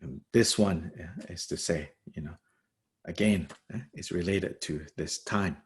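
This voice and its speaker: A man teaching as a Buddhist teacher, commenting on a text in a thoughtful, halting way with many fillers and pauses, and laughing lightly now and then. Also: sits low. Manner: laughs lightly while explaining.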